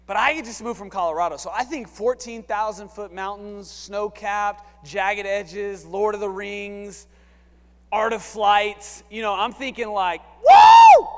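A high-voiced man preaches to his congregation. His delivery is animated, dropping to a hush and then climbing to shouts. The sound rings with the long reverb of a church hall. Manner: animated, swings from hushed to shouting. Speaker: pastor. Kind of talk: sermon. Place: church sanctuary.

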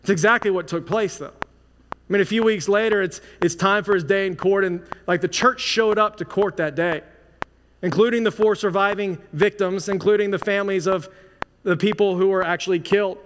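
A man's voice: high voice, fairly quick, fairly bright tone. A man preaching a sermon as pastor, in a casual, conversational way full of "like" and restarts. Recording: long hall reverb, faint noise.

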